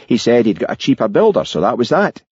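A man doing a gruff Scottish builder. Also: mid-range voice, very animated, quick pace, darkish tone, no echo, voice pushed up. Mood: grudging. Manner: gruff, curt. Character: sour Scottish builder, middle-aged man. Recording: dull lo-fi audiobook recording.

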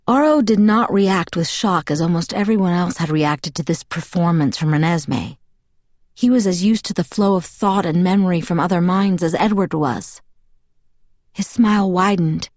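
A woman with a lowish voice narrates a first-person novel as an audiobook, in a measured, even storytelling style. The recording has no echo but sounds lo-fi.

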